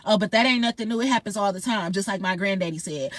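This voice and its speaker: A woman's voice: medium pitch, fast talker, fairly bright tone, no echo. Furious woman. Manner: heated, profane, confrontational ranting. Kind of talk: angry monologue vlog.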